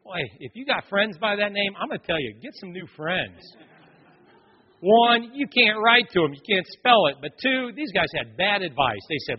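A man's voice: high voice, very animated, normal speed, slightly rough. A man preaching a sermon, speaking emphatically and telling stories as he addresses the congregation directly. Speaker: pastor. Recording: echoey hall, dull lo-fi recording.

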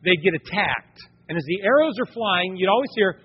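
A man delivers a sermon in a high, slightly husky voice. He drops into soft storytelling, then rises to urgent, loud calls to the congregation. The recording is dull and carries a long church reverb. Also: brisk, few pauses. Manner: animated, swings from quiet storytelling to loud exhortation. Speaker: pastor. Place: church sanctuary.

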